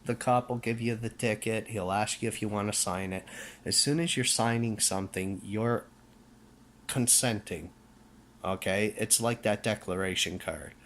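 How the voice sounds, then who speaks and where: A man's voice: fairly low pitch, steady tone, moderate pace, fairly bright tone, slight background noise. Fiery preachy Canadian man ranting. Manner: emphatic, repeats "okay?" and restarts. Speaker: vlogger. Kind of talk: casual rant to camera.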